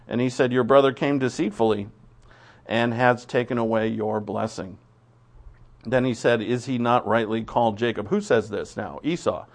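A man in his own plain voice works through a Bible passage, reading the verses and breaking off to explain them. He talks casually, with restarts and quick asides. His voice sits at an ordinary middle pitch. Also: fairly even intonation. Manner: conversational, reads scripture aloud then comments, restarts and asides. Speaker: preacher.

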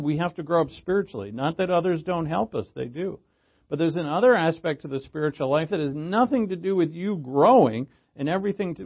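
A man's voice: a little high, muffled recording. A man teaching a Bible passage in a casual, conversational way, often checking in with "right?". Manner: conversational, frequent "right?" check-ins, restarts. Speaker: preacher.

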